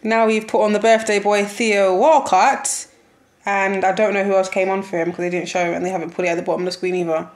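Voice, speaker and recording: A woman's voice: mid-range voice, a little fast. Young woman ranting casually about football. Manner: animated, laughing, slangy and exasperated. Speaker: football vlogger reacting to a match. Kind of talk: casual match reaction chat.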